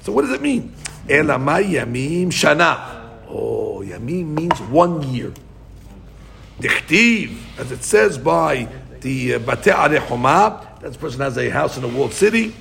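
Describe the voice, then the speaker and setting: Gravelly man teaching a Talmud class. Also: medium pitch, unhurried. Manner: animated, thinks aloud with many restarts; mixes Hebrew and Aramaic terms into English.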